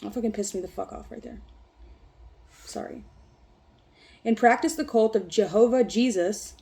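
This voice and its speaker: A woman vlogger who reads a text aloud haltingly and breaks off into rambling, profane talk. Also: mid-range voice, gravelly, mellow. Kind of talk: reading aloud and casual ranting.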